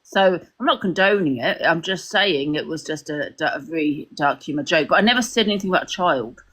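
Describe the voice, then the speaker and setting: A woman's voice: sits low, expressive, fairly quick, a bit bright, breathy edge. A woman, a guest on a live stream, talking defensively and insistently in a heated argument.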